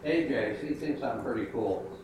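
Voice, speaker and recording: A man's voice: medium pitch, normal speed. An older man, a pastor, telling a folksy children's sermon about his granddaughter. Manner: folksy storytelling. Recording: echoey room, mic far off, noisy.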